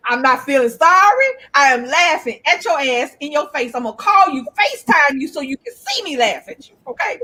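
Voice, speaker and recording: Woman co-host, casual chat; blunt, profane, quick to laugh; high, expressive voice.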